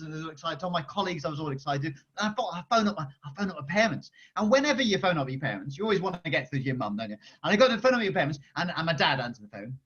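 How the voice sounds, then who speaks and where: Energetic man on a dull video call. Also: high voice. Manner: energetic, chatty, with many restarts. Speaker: children's author. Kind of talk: lively talk to schoolchildren on a video call.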